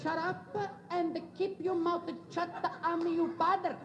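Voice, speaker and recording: A man's voice: very high-pitched, steady tone, a little fast, dull audio, heavy background noise. A male comedian voicing a stern old Italian immigrant father who talks in bossy, broken English. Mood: gruff. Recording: echoey hall with loud crowd.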